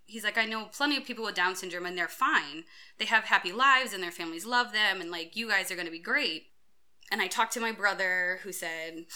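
A woman in her thirties with a bright, forward tone tells her own story in an interview. She speaks candidly and acts out the other people in it, sometimes jumping suddenly loud and high. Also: brisk. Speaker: mother telling her story.

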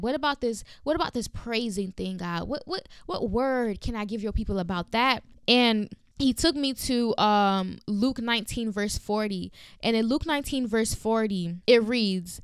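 A woman preaching an impassioned sermon, repeating phrases and slowing down for emphasis. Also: mid-range voice, clear, resonant tone, no room sound.

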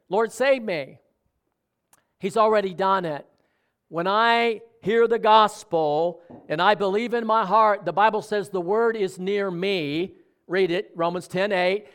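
A man's voice: high voice, measured pace, a bit bright, smooth. A man preaching a sermon in a conversational way, often asking the congregation questions. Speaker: pastor.

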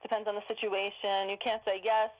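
A woman co-hosting a casual chat speaks in a measured way, with an even, flat tone. Her voice comes through dull and lo-fi, yet dry and close. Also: medium pitch, no echo. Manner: measured, frequent short agreements. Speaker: podcast co-host. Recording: dull lo-fi sound.

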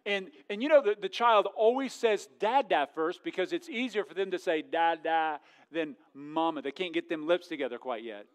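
Middle-aged male pastor with a high, light voice, preaching a lively, joking sermon in church. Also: a little fast, hardly any pauses. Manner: jokey, animated, swings from loud to hushed. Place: church sanctuary.

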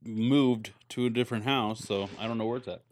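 A man's voice: mid-range voice, fairly quick, dry recording. A man co-hosting a casual podcast, cracking jokes and laughing often. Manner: lively, wisecracking, laughs often. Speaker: podcast co-host. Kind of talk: casual chat.

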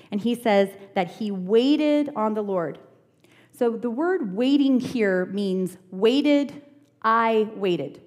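A woman leading a Bible study, reading a psalm aloud, then explaining it in a relaxed, chatty way with frequent "um"s, into a microphone. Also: mid-range voice. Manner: reads scripture slowly, then explains in relaxed chatty asides with many "um"s. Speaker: Bible teacher. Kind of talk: church Bible study teaching. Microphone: handheld or stand microphone.

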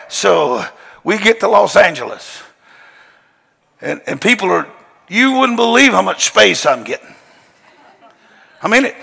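A man preaching a sermon, telling a story in a folksy, emphatic way with slang, often shouting and laughing his way through it. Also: sits high, creaky, breathy edge. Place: large church hall. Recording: long hall reverb.

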